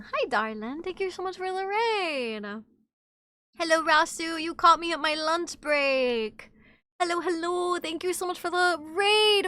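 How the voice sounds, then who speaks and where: A woman streamer chatting playfully with her viewers and greeting them by name, sick and low on energy. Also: bright, forceful tone, no room sound. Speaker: VTuber streamer. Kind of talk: casual live-stream chat.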